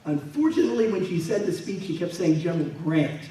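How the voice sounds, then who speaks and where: A man with a fairly high, mellow voice tells behind-the-scenes stories to an audience and slips into the voices of the people he quotes. He is heard from a distance in a very echoey room, with faint noise underneath. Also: big pitch swings, fast. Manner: storytelling, acts out quoted people. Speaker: guest speaker and military historian. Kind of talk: anecdotal presentation with slides. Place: museum event space.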